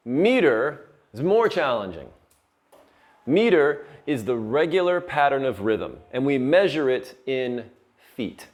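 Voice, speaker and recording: A man's voice: mid-range voice, big pitch swings, takes it slowly. A male teacher giving a lesson on poetry terms, patiently explaining and checking in with his students.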